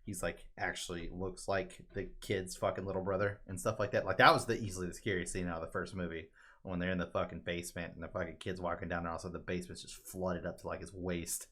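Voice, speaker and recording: A man's voice: deep voice, fast. A man co-hosting a podcast in casual chat, telling long rambling, profane stories with lots of energy. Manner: rambling, profane, animated storytelling. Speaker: podcast co-host.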